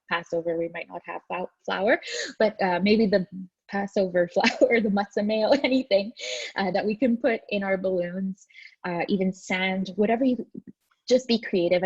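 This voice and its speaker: A woman's voice: on the low side, darkish tone, dull audio. A woman therapist giving an informal, earnest talk with many fillers and restarts.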